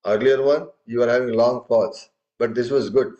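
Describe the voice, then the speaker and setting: Male tabla teacher. Patient and encouraging, recites drum syllables in steady rhythm, mid-pitched voice. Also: normal speed, muffled recording. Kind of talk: music lesson explanation.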